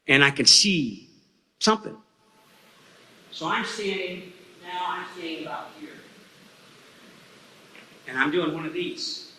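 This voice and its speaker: An eyewitness speaker tells a live audience in a hall a folksy, rambling story, frequently checking in with "okay?". His voice is a little high, pushed and bright, with slight background noise. The hall lends the sound reverberation.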